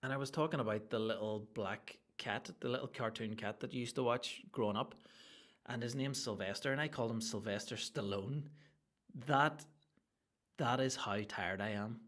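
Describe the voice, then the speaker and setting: A man hosting a solo comedy podcast, ranting in a crude, rambling and excitable way. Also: mid-range voice, normal speed. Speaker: podcast host.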